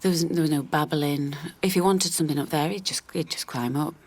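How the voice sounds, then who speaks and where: An actress playing a worn-down, loving mother of an autistic boy, speaking in a halting, confessional way that often drops to a near whisper. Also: low-pitched, darkish tone. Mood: reflective. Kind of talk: radio drama monologue.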